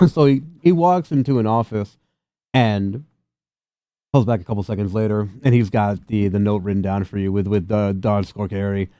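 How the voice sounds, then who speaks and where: A man runs a tabletop game and narrates in a casual, amused way. His voice is fairly low and the recording is dry and close. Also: normal speed, darkish tone, dry recording. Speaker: game master.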